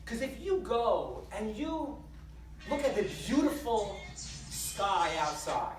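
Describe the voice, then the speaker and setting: A woman rabbi giving a lively spiritual talk to a live audience, full of rhetorical questions and stories. Her pitch rises and falls with animation. She sounds distant, in an echoing hall. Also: slow, soft background music. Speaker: rabbi speaker. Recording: roomy hall, distant mic.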